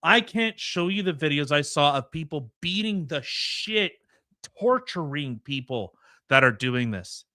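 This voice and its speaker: A man's voice: a little high, animated, a little slow, pushed and bright, no room sound, clean studio sound. A man hosting a podcast, giving indignant, heated commentary with stammering restarts. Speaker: podcast host. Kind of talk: opinionated commentary.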